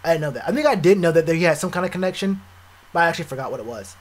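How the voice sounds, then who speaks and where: A young man streaming live, chatting casually with viewers, animated and repetitive, full of slang. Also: a little high, racing. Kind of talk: live stream reaction chat.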